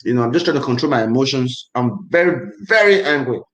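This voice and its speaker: A man's voice: medium pitch, animated, quick pace, fairly bright tone, echoey room, rough recording. A man hosting a casual livestream, tense and angry, talking emphatically and repeating himself. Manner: emphatic, repetitive, agitated. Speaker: livestream host.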